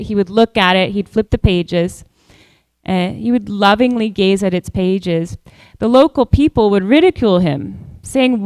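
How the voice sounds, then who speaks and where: Woman, devotional class talk, measured storytelling, dry close sound. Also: mid-range voice, darkish tone, clear, resonant tone, dry recording, rough recording. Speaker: class speaker.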